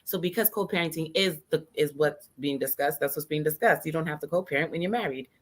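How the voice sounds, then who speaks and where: Low-voiced frank woman podcaster. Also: fast. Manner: frank, emphatic, laughs easily. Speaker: podcast co-host. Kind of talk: casual chat.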